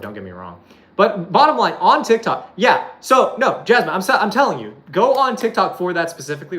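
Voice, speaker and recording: Rambling, foul-mouthed streamer with a lively pitch. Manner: rambling, swears often, heavy use of "like"; laughs while describing a clip. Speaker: streamer talking to chat. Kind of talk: casual stream chat.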